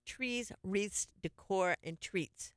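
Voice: mid-range voice, slow pace, smooth, dry recording, clean studio sound. A radio show host chatting casually on air, rambling and joking at their own expense. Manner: rambling, jokey, self-mocking. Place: radio studio.

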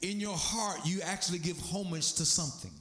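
A man preaching a sermon, animated, his voice climbing high as he gets excited. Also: a little fast. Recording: echoey room.

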